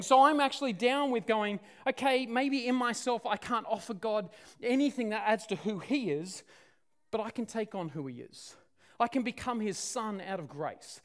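A man preaching a sermon, swinging from loud declarations to hushed, dramatic near-whispers. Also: very high voice.

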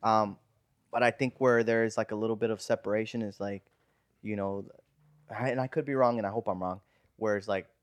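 A man co-hosts a casual podcast, talking fast and throwing out questions to the group. His voice sits in the middle range. The recording is dry and close. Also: lowish voice, steady tone, no room sound. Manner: quick, chatty, asks questions. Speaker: podcast co-host. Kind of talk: casual chat.

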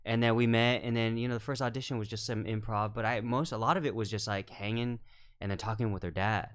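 A man, a film director guest on a casual podcast, talking in a measured, thoughtful way with many fillers and restarts. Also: fairly low pitch, fairly even intonation.

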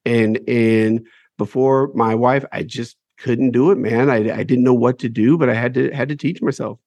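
In a medium-pitched, darkish voice with fairly even intonation, a man speaks at a moderate pace with no echo. He's the head of a publishing company, frankly telling his life story in a casual interview, cursing freely and stacking repeated words to build his points.

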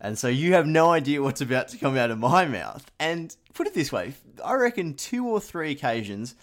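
A man's voice: on the high side, very animated, moderate pace. A man hosting a podcast, chatting casually and poking fun at himself. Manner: chatty, self-mocking banter. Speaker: podcast host. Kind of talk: casual chat.

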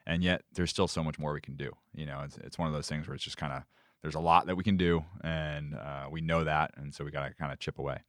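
A man hosting a casual conversation, relaxed and quick, steering the talk with lots of fillers. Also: rumbling low, dry recording, studio quality. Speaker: podcast host.

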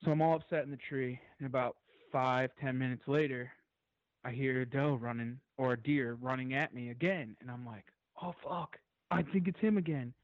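Excited swearing man telling a hunting tale. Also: mid-range voice, normal speed, dry recording, dull audio. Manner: excited rambling storyteller, swears freely. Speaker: podcast guest. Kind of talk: casual podcast storytelling.

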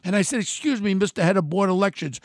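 A man's voice: high voice, fast talker, no room sound, studio quality. An older man tells a story in a blunt, combative way and quotes people in changing voices. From New York City. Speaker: former mayoral candidate telling a story. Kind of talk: animated storytelling monologue.

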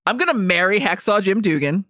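A woman's voice: medium pitch, lively intonation, brisk, fairly bright tone, no room sound, studio quality. A woman co-hosting a podcast, reading listener emails and giving blunt, enthusiastic opinions laced with swearing. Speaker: podcast co-host.

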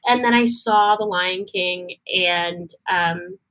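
A young woman, a guest performer, telling a story in a casual interview and acting out the quoted dialogue with lively energy. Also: on the low side, takes it slowly. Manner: animated, acts out quoted dialogue.

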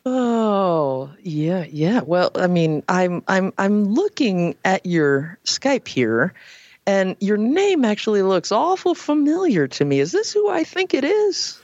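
A woman hosting a late-night call-in radio show, chatty and animated, with playful asides. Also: mid-range voice, takes it slowly, no echo, highs cut off. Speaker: radio talk show host. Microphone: headset.

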